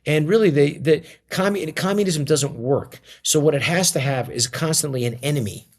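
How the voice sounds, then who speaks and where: A man's voice: on the high side, moderate pace. A middle-aged man being interviewed as a comedian guest, telling stories in a rambling way with many restarts and fillers. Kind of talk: casual interview storytelling.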